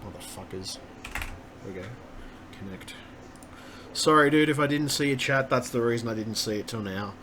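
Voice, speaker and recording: A man's voice: mid-range voice, normal speed, pauses often, fairly bright tone. A man streaming live and ranting, cursing nonstop and muttering in exasperation. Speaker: gaming streamer. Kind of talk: casual live-stream rant. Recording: noisy room ambience.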